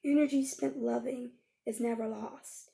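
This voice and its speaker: A woman coach guides listeners through a healing exercise, her voice sitting a little high but heavily gravelly with vocal fry. Her tone is mellow and relaxed rather than bright. She speaks gently and coaxingly, drawing out phrases and checking in often with a soft "okay?". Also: measured pace. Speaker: life coach.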